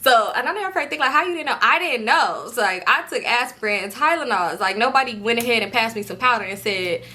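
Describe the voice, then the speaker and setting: A woman telling a wild personal story to her viewers, animated, slangy and full of profanity. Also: fairly high pitch, a little fast, few pauses. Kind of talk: casual storytime.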